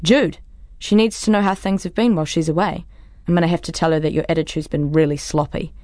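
A woman's voice: low-pitched, steady tone, quick pace, a little mellow, no echo, clean studio sound, close to an everyday voice. A woman voicing a bossy, self-important young male bakery supervisor in an audiobook, smug and officious.

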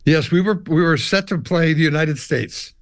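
Older canadian guy spinning a long road story, acts out the voices, kinda high-pitched, dry sound. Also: moderate pace, dry recording. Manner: animated storyteller, acts out dialogue and hums riffs. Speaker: musician guest. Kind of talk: storytelling interview.

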